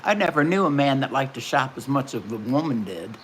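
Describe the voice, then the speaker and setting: A woman's voice: rumbling low, expressive, fairly quick, a little hiss or hum. A middle-aged woman, chatting casually and telling folksy stories while hosting a livestream. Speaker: livestream host.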